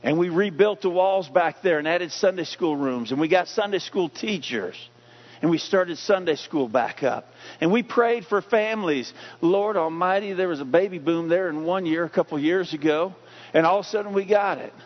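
A pastor in his forties, giving a conversational, animated sermon that keeps asking the congregation questions. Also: high voice, moderate pace. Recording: dull lo-fi recording.

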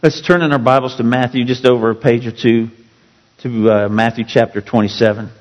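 A male pastor preaching a sermon with dramatic, emphatic storytelling that drops suddenly to quiet. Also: medium pitch, steady tone, a little fast, in a large hall, low-quality recording.

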